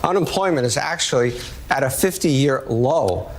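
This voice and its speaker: A man on a news broadcast, walking through poll figures in a calm, measured explainer tone. His voice sits at an ordinary middle pitch and stays steady as he builds each point. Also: background noise. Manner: measured, explanatory, cites numbers. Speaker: political analyst.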